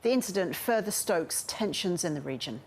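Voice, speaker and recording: A woman's voice: fairly low pitch, expressive, gravelly, slightly rough. Australian woman reading the news. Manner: measured, formal. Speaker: news presenter. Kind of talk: newsreading.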